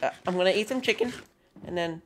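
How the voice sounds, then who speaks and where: A young woman chatting excitedly through a gameplay session, calling out playful greetings to characters in the game. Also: lowish voice, fast talker, a little hiss or hum. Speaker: gaming video host. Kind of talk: casual gameplay commentary.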